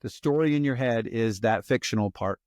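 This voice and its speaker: Animated male podcast guest, dry close sound. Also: mid-range voice, brisk, no room sound. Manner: animated storyteller who acts out worried inner monologues. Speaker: guest, resilience expert and author. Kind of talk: conversational podcast interview.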